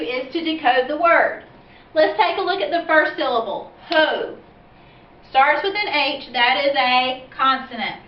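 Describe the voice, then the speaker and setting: A woman teacher patiently explaining reading steps for parents in clear, step-by-step speech. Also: sits high. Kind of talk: instructional video for parents. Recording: roomy, distant, dull-sounding classroom recording.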